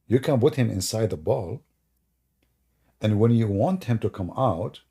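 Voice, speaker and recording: A man's voice: on the low side, animated, measured pace, dark tone, husky. A man hosting a livestream and taking callers, talking in a sarcastic, mocking way with loose non-native grammar. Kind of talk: mocking religious-debate livestream.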